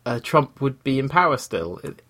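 A man's voice: medium pitch, big pitch swings, normal speed, fairly bright tone. A man in casual podcast chat, wry and emphatic. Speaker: podcast co-host.

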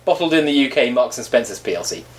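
A man's voice: medium pitch, very animated, fast, a little hiss or hum. A British man co-hosting a podcast, chatting casually and joking around. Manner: playful, jokey, goofing around. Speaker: podcast co-host. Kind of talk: casual comedic chat.

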